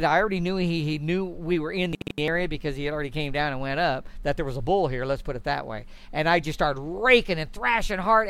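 A middle-aged man telling a story in conversation, animated and folksy, acting out quoted dialogue. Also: high voice, smooth. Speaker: guest elk hunter.

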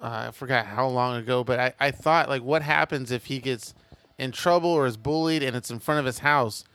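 A man's voice: mid-range voice, brisk, fairly bright tone, clean tone, no echo. A man co-hosting a podcast, rambling casually, laughing and swearing as he talks. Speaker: podcast co-host.

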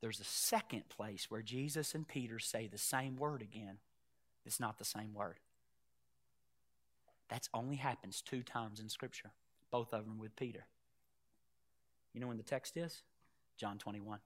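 A male pastor tells a Bible story in a sermon, acting out the dialogue and swinging between shouts and hushed tones. His voice sits on the low side, and he speaks unhurriedly with long pauses.

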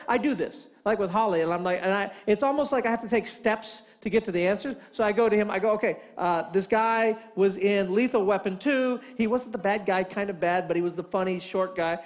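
A man's voice: high voice, fast, few pauses. A man preaching a sermon, telling a funny story and acting out both sides of a phone call. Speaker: pastor.

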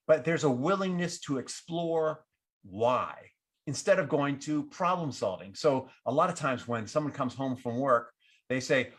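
A man giving relationship advice, acting out what partners might say in a livelier voice. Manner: animated, acts out quoted partners with lifted pitch. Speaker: relationship advisor. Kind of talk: advice talk to camera.

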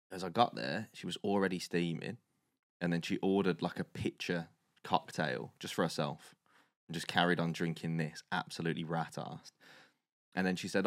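A man, co-hosting a podcast, telling animated, sweary stories in casual chat. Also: sits low, brisk, no room sound, clean studio sound. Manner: animated storyteller, swears freely, British slang. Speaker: podcast co-host.

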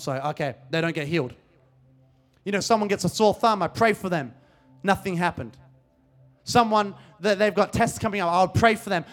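A man's voice: high-pitched, brisk. A young man preaching a sermon, telling a story and then building to fervent, impassioned exhortation. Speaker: youth preacher.

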